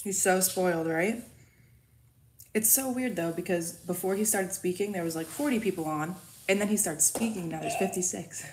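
Chatty woman vlogging about her husky. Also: fairly low pitch, normal speed, darkish tone. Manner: chatty, full of "like" fillers. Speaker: pet channel co-host. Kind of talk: casual chat to viewers.

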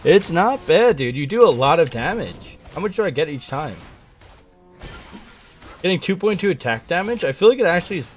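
A young man talks through his video game match as he plays it, joking, gloating and egging on his opponents. His voice sits a little high and swings widely in pitch as he gets excited. Faint music plays underneath. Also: moderate pace. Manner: excitable, playful, trash-talking. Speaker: gaming streamer. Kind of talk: live gameplay commentary.

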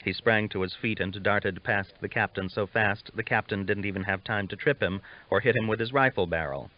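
A man reading a novel aloud as an audiobook narrator, steady and measured, on a dull lo-fi recording. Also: on the low side. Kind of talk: scripted narration.

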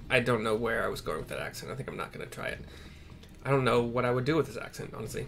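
A man's voice: medium pitch, fast talker, a bit bright. A man giving casual, rambling commentary while playing a game, often correcting himself mid-sentence, with faint game music behind him. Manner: rambling, self-correcting, chatty asides. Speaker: game streamer.

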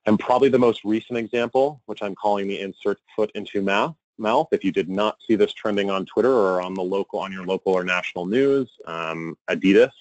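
A man giving a conference presentation, animated and exasperated, with a joking edge. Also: lowish voice, fairly quick, hardly any pauses, no echo, dull audio. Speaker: conference speaker on email marketing.

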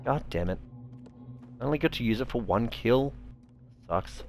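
A man's voice: mid-range voice, lively intonation, normal speed, creaky, a little mellow, faint music behind. A man giving foul-mouthed gameplay commentary, jumpy and cursing constantly. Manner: swears constantly, jumpy, shrieks when startled. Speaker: let's player.

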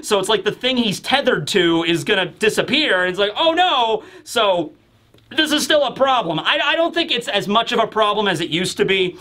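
A man giving a casual, chatty recap of a manga chapter, with animated asides. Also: sits high, fairly quick. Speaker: manga review YouTuber. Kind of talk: casual commentary.

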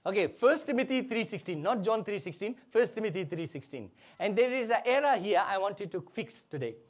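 A woman preaching a sermon, animated and leading the congregation in call and response. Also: mid-range voice, a little fast.

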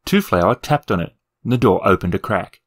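A man reading a fantasy novel aloud with expressive storytelling and wry asides. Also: fairly low pitch, brisk. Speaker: narrator and reviewer.

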